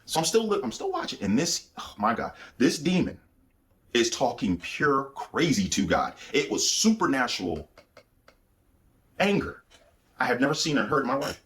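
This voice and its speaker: A man's voice: mid-range voice, big pitch swings, normal speed, fairly bright tone. A man telling a personal spiritual testimony, speaking intensely with repeated phrases and restarts. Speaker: speaker giving a religious testimony.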